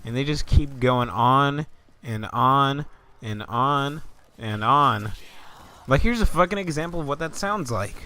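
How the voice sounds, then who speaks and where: A man's voice: medium pitch, lively intonation, measured pace, pushed and bright. A young man ranting in a comedic vlog, swearing often and stammering into exasperated outbursts. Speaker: vlogger.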